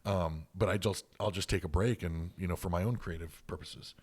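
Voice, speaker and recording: With a low, slightly rough voice and a fairly quick pace, this podcast co-host rambles through casual conversation. He swears freely and constantly restarts and uses fillers.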